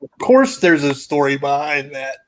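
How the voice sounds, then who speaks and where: Speaking at a moderate pace in a fairly high voice, a man shares a lengthy, boisterous story during casual chat. He's an animated guest who keeps laughing through his own anecdote.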